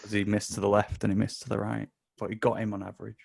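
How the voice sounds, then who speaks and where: A man's voice: lowish voice, level tone, fast talker, creaky, darkish tone. A man with a Mancunian accent co-hosting a casual football podcast, swearing freely and telling jokes. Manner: sweary, jokey storyteller. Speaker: podcast co-host.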